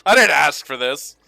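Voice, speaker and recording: A man's voice: a little high, vocal fry, dry recording, voice pushed up, full character voice. A man voicing a bewildered, irritable young man pulled into another world, who swears and complains. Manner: exasperated, swears, complains loudly.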